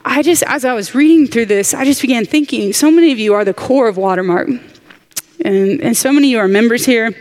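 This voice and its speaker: An earnest woman leads a women's Bible study with heartfelt, chatty teaching. She talks warmly and directly to the group, and jet lag has left her sounding a little tired. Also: fairly high pitch, a little fast. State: jet lagged.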